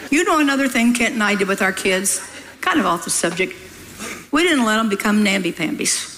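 A woman preacher telling a story from the pulpit, lively and teasing, scolding with laughter. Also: mid-range voice, fairly quick, crowd noise, poor audio. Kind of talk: sermon storytelling.

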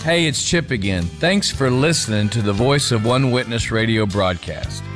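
Male pastor, radio sign-off, friendly and plain, mid pitch, music clearly behind. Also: animated, normal speed, a bit bright.

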